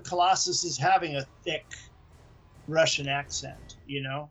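A man's voice: on the high side, steady tone, a little slow, fairly bright tone. A man co-hosting a comics podcast, talking casually and rambling through his points. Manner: chatty, rambling with restarts. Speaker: podcast co-host. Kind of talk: casual chat about comics.

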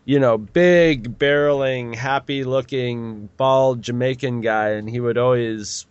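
A man's voice: mid-range voice, steady tone, takes it slowly, smooth, dry recording, muffled recording. A man in his forties co-hosting a podcast, chatting casually and rambling with restarts. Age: 40s. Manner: rambling, with many restarts and laughs. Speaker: podcast co-host. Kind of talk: casual chat.

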